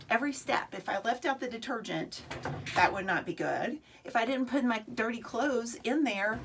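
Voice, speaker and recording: A woman teaching a remote reading lesson from home to kindergarten children, in a coaxing, sing-song voice that stretches out sounds slowly. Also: a little high, background noise.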